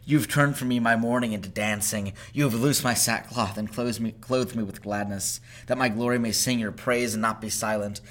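A man reading psalms aloud in a measured, solemn way, rising on the lines of praise. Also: lowish voice, steady tone, fairly bright tone. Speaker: scripture reader. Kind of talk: scripted scripture reading.

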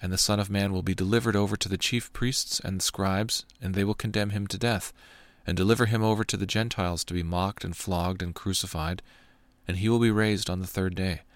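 A man reading the words of Jesus as a grave, unhurried teacher. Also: low voice, fairly even intonation, dry recording. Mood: solemn. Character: calm authoritative male teacher, Jesus.

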